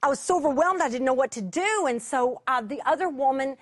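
Speaking briskly in a high, expressive voice, a woman who teaches the Bible shares a personal story with her broadcast audience. She chats along, starts her sentences over, chuckles at herself, and goes quiet at the tender parts.

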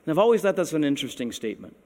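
A man's voice: fairly high pitch, very animated, racing, darkish tone. A man preaching a sermon in a conversational, wry manner with playful emphasis. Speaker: pastor. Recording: long hall reverb.

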